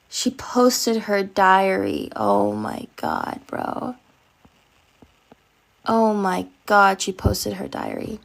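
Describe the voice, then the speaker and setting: Young woman streamer, casual slangy reactions, emotional delivery; slow pace, gravelly fry. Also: mid-range voice, big pitch swings. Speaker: livestreamer. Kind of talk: casual livestream commentary.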